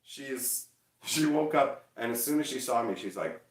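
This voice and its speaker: A man chatting casually on a livestream, loud and energetic, teasing his chat. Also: medium pitch, measured pace, echoey room, distant mic. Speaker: streamer.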